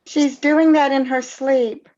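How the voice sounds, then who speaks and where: A woman's voice: high-pitched, steady tone, takes it slowly, warm tone. A woman speaking earnestly and reassuringly on a group video call. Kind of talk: casual group chat. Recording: dull, lo-fi video call audio.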